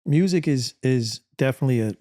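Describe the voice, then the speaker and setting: A male podcast host who mostly listens, adding brief affirmations in a mellow, relaxed voice. When he speaks up at length, he stays casual and unhurried. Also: mid-range voice. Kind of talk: casual interview chat.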